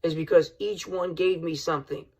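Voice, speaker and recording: A middle-aged man hosting his own podcast, talking straight to listeners in an excitable, rambling monologue that keeps calling them folks. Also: on the high side, moderate pace, gravelly. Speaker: podcast host.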